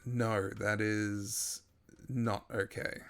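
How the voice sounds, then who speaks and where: A man playing a gravelly, remorseful father. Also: fairly low pitch, little pitch movement, drawn-out words, heavily acted. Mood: gentle. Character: remorseful middle-aged father, gentle and quiet.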